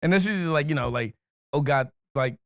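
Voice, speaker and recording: Lively, animated man telling a story. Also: fairly high pitch, moderate pace, creaky, no room sound, clean studio sound. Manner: animated storytelling, swears a lot, laughs often. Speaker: podcast co-host. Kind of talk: casual chat.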